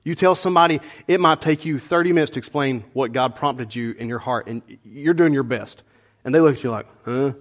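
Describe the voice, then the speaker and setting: A middle-aged man preaching a sermon as pastor, conversational and animated, with folksy asides to the congregation. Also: mid-range voice, brisk.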